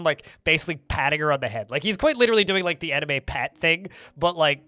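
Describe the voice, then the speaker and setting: A man's voice: on the high side, a little fast, hardly any pauses, sharp tone, clear, resonant tone, no echo, clean studio sound. A man live-streaming a game, telling a rambling story in a chatty, casual way with mild swearing.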